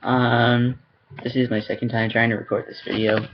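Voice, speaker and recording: A man's voice: medium pitch, little pitch movement, moderate pace, a little hiss or hum. A man giving a casual video diary update from a room at home, talking in a rambling, hesitant way with many ums, into a headset microphone. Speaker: vlogger. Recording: slightly dull lo-fi sound.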